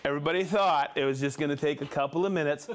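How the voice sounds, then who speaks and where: Male live-stream host, slightly high voice, casual and talkative, easily excited. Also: quick pace. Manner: excitable, bursts into shouts of joy; chatty, reads viewer shout-outs.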